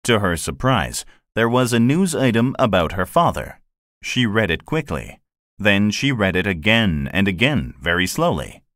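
Guy narrating a kids' classic, really low voice but lots of up and down, dry close sound. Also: a bit bright, dry recording. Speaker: audiobook narrator. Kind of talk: scripted narration.

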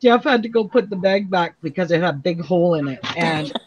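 A middle-aged Canadian woman chats through a casual quilting tutorial at home, laughing often and telling stories as she sews. Her voice is fairly low, animated and brisk. The recording is dull and lo-fi with faint noise.

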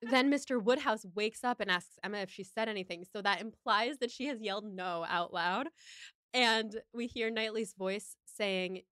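A woman's voice: medium pitch, normal speed, a bit bright, smooth, no echo, clean studio sound. A woman hosting a podcast, recapping a film in casual chat with a wry, joking manner. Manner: chatty, wry, acts out quotes. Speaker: podcast host.

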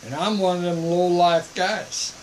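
An older man preaching informally to the camera, switching between mock calm and sarcastic emphasis. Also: high-pitched, unhurried, slight background noise, poor audio.

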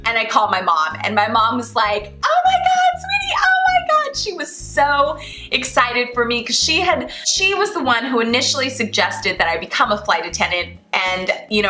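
A young adult woman, a flight attendant vlogger, telling a personal story to camera in an animated way, acting out the dialogue. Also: a little high. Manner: animated, acts out quoted dialogue. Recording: roomy echo, faint music behind.

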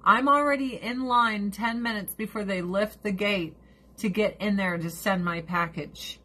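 Husky blunt-talking woman streamer. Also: mid-range voice, unhurried. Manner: blunt, profane, animated ranting. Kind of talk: casual chat to viewers.

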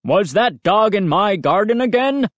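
A woman's voice: medium pitch, expressive, unhurried, no room sound, pitched above the performer's own voice. A woman doing a big barking army dad. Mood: demanding. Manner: barking, commanding. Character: big gruff retired army man, barking orders.

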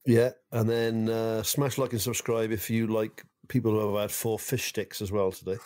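Tipsy, sweary podcast co-host. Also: male voice, lowish voice, little pitch movement, moderate pace, a little mellow. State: a bit drunk. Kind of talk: casual banter.

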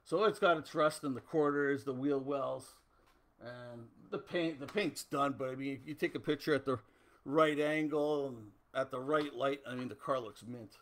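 A man's voice: mid-range voice, normal speed, a bit bright. A middle-aged man from Canada hosting a casual livestream, chatting loosely and answering viewer comments. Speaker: host.

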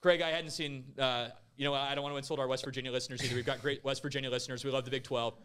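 Male sports analyst, quick and crisp, chatty podcast delivery. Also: mid-range voice, flat delivery, a bit bright. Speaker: basketball analyst.

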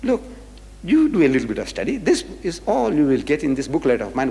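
A man's voice: fairly high pitch, wildly swooping pitch, a little fast, gravelly, dark tone, in a large hall. A man giving a live lecture to an audience. He speaks emphatically, throws rhetorical questions at the crowd, spells out words and chants phrases. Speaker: public lecturer.

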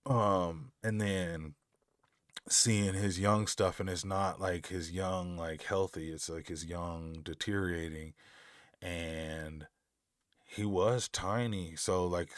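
Deep-voiced American guy reacting. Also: no echo, studio quality. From United States. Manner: loose and slangy, swears freely, bursts of amazed exclamation. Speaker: reaction video host. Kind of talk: casual music reaction commentary.

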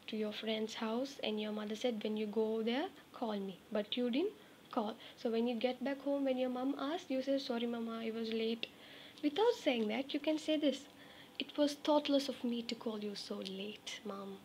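Female English teacher, fairly high voice, patient repetition, faint hiss behind. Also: darkish tone. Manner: repeats example phrases slowly, coaxing check-ins. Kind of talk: spoken English lesson.

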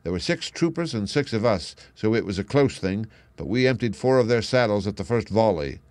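A weary old man near death, guilt-ridden and confessing slowly and heavily, as a male reader voices him. The voice sits fairly low and sounds close and dry. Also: lively intonation, darkish tone, no echo, close to an everyday voice. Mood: grave. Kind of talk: audiobook reading.

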